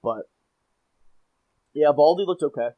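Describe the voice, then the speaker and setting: A man's voice: fairly high pitch, lively intonation, measured pace, phone-quality sound. A young man co-hosting a casual sports podcast, talking hesitantly with many restarts. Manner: hesitant, restarts often, laughs easily. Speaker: podcast co-host.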